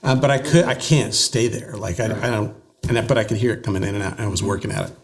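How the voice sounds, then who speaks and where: An American man, a voice-over artist, telling stories in a relaxed interview with many fillers and restarts. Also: lowish voice, fast talker, a crowd in the background. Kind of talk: casual interview chat.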